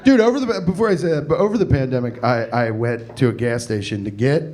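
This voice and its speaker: A man's voice: mid-range voice, expressive, fast, crowd noise. A young man in his twenties doing rambling, absurd, self-deprecating stand-up on a comedy club stage. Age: 20s. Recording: live club with audience laughter. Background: audience laughter.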